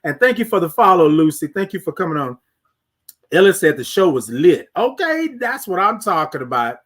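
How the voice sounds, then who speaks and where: A man with a Texan accent hosting a live morning stream, chatting with viewers and singing out long, drawn-out greetings. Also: high-pitched. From Texas. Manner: animated, sings out drawn-out greetings. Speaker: host.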